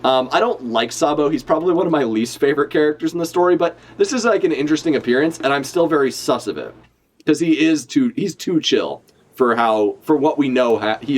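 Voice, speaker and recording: A young man streaming a live reaction, talking casually with lots of swearing and filler words. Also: mid-range voice. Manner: casual, profane, full of fillers.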